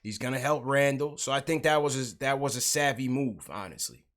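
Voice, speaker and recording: A man with a medium-pitched, a bit bright voice talks a little fast while hosting a sports livestream podcast. He chats casually about basketball, greets viewers and hypes up the chat, calling people out by name.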